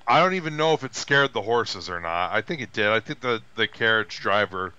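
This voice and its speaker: Man, podcast co-host, casual film chat, animated, forceful tone, muffled audio. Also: fairly quick, clear, resonant tone, dry recording. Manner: animated retelling with high put-on voices for quoted characters.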